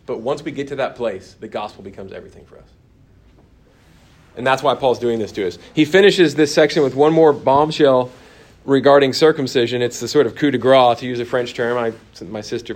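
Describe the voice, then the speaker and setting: A man leads a Bible lesson in a church classroom. He talks easily with the group, picking up their remarks. His voice is mid-pitched and often sinks low and quiet to stress a point. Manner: conversational, answers class comments, drops to quiet emphasis. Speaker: church course teacher.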